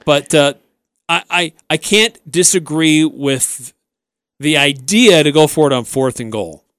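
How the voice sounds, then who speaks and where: A male sports radio host with a fairly high voice, walking listeners through the action play by play. He speaks into a close mic, with a dry, dead studio sound and no room around him. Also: unhurried, smooth, no room sound. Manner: animated play-by-play recounting.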